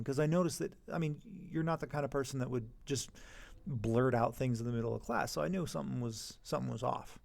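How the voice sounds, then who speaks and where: A man teaching classroom management in a conversational way, sometimes acting out calm talks with students. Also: mid-range voice, brisk, creaky, no room sound. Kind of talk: instructional talk on classroom management.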